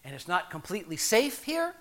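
Bright-voiced reflective male pastor. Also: high-pitched, wildly swooping pitch. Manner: reflective, measured, with pauses. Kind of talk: sermon.

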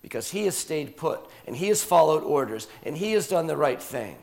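A man preaching a sermon, telling a story with animated delivery and drawing answers from listeners. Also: on the high side, moderate pace, vocal fry. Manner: animated storytelling, acts out quoted voices.

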